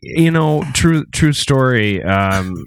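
A man's voice: mid-range voice, expressive, slow, smooth. A man hosting a comedy podcast, joking casually with his co-hosts. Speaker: podcast host.

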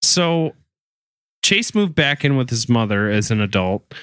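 A man hosts a podcast and tells a grim story in a loose, joking way, swearing freely. His voice sits at an ordinary pitch and sounds dry and close, with no room around it. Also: very animated, measured pace, a bit bright, no room sound. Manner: profane and joking. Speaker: podcast host telling a true crime story. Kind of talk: casual chat, comedic retelling.

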